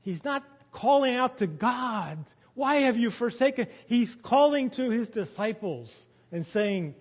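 A man with a high voice preaches a sermon, dropping quiet and then rising loud when he quotes scripture. The recording is dull and muffled, with a long reverb trailing through a church hall. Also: big pitch swings, takes it slowly, few pauses, breathy edge.

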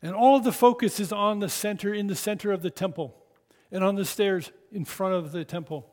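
A man preaching a sermon, telling the story slowly and dramatically in a reverberant church hall. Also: high-pitched, darkish tone. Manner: dramatic storytelling, slow and emphatic.

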